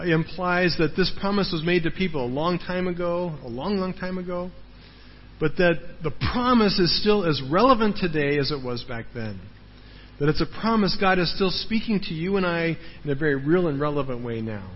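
A pastor with a fairly high-pitched voice preaches an earnest sermon, repeating words for emphasis and often checking in with the congregation. The recording sounds dull, with slight background noise, in a large reverberant hall.

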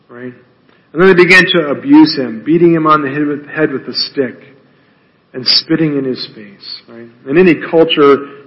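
Male preacher, casual teaching delivery with "right?" asides, slightly high and bright, in a big echoing hall. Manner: checks in with "right?" tags and frequent "uh" fillers. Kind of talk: conversational Bible teaching. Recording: long reverb of a large hall.

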